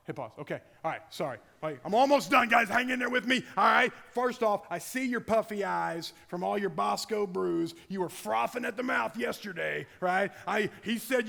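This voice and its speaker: A middle-aged man, a football strength coach, giving an energetic conference talk, acting out his players' voices and bursting into shouts. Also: high-pitched, normal speed, vocal fry. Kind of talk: conference presentation. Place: large conference hall. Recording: long hall reverb.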